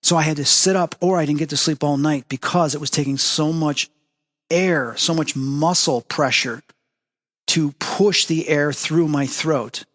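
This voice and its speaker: Man telling a story in a reverberant hall. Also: unhurried. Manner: animated storytelling, acts out quoted dialogue with big pitch jumps. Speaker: host. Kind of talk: storytelling monologue.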